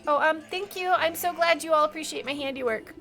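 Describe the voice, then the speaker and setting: A woman's voice: sits high, fairly quick, over music, voice pushed up. A woman voicing a timid, modest black sheep in a video game, sounding shy and flustered.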